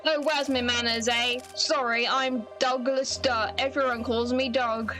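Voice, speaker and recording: A woman with a high-side, sharp voice and fairly even intonation voices a chatty male reporter, attempting a British accent and stumbling through the lines as she reads them aloud at a measured pace. Faint music sits behind this low-quality recording.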